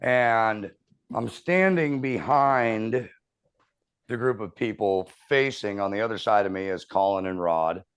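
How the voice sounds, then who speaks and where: A man in his thirties telling a profane, animated story as a podcast host in casual chat. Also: lowish voice, measured pace, smooth.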